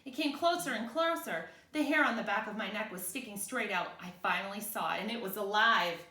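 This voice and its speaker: A woman's voice: mid-range voice, brisk, bright, forceful tone. A woman teacher reading a picture book aloud to children in a playful way, checking in with her listeners. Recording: roomy echo.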